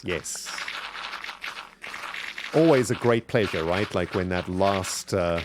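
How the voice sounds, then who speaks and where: A man chatting casually while streaming a video game, upbeat and thanking his viewers as he plays. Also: low-pitched. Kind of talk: casual live-stream commentary.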